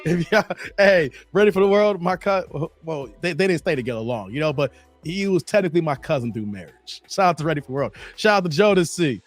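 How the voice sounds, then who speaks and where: Dude doing reaction commentary, high voice jumping all over, keeps singing bits of old songs. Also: male voice, brisk. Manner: animated, breaks into singing song hooks and laughs. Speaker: reaction video host.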